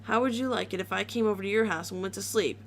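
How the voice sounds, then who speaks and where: A woman voicing a cheerful but sadistic female pony who talks fast and scolds with chirpy menace. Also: mid-range voice, a little hiss or hum, lightly acted. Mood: scolding.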